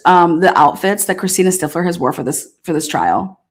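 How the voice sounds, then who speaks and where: A woman with a fairly low voice, hosting a casual live stream. She talks to her viewers in a chatty, sassy and blunt way, swearing freely as she goes. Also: lively intonation, a little fast. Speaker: livestream host.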